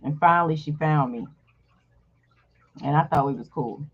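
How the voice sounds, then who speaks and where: A woman's voice: low-pitched, normal speed, husky. A woman host casually telling a personal story to her viewers, candid and blunt, swearing freely. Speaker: channel host. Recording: dull lo-fi recording.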